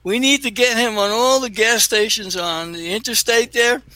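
A man's voice: high-pitched, moderate pace, bright, forceful tone, dry recording, poor audio. A man co-hosting a casual chat show, joking, laughing often and asking leading questions. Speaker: co-host.

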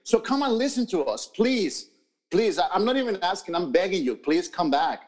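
Rambling, high-voiced casual male co-host. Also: sing-song, normal speed. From New York. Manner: rambling, many fillers and restarts, profane. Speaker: podcast co-host. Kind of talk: casual chat. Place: podcast studio.

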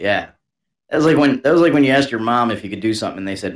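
Podcast cohost guy, low-ish voice, swears and teases his buddy in casual chat. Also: expressive, fairly quick, pauses often. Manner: crude teasing banter. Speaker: podcast co-host.

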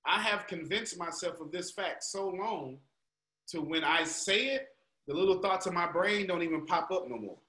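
A man's voice: sits high, moderate pace, sharp tone, roomy sound, low-quality recording. A man coaching a group call, preaching his points in an emphatic, colloquial way. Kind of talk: motivational teaching on a call.

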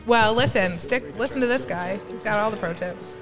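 A woman's voice: mid-range voice, fairly quick, over music. A woman playing a live tabletop game on stage, with bubbly, playful banter. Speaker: player. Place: convention stage, live audience.

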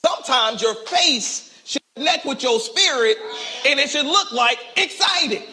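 A male pastor preaching a sermon with animated call-and-response, acting out quotes, recorded in a church. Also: extremely high pitch, a little slow, a little hiss or hum. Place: church sanctuary.

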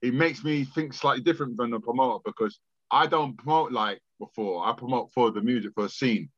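A man's voice: medium pitch, fairly quick, no room sound. Rambling man, dull recording. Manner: rambling, repeats words, swears freely. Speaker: guest, music promoter. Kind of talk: casual podcast interview.

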